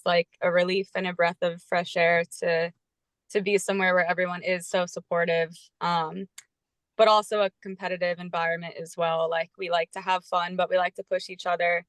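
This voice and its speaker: Smooth, dry-voiced American woman. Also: lowish voice, no room sound. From United States. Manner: earnest, warm about her team, with filler words. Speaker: football player. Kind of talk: casual interview answers. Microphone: video call.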